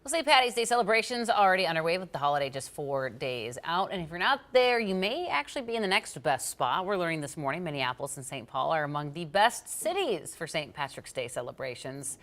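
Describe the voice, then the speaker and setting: A woman's voice: low voice, sing-song, brisk, few pauses, fairly bright tone. A female news anchor reading a light holiday story in a conversational way. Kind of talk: scripted news read.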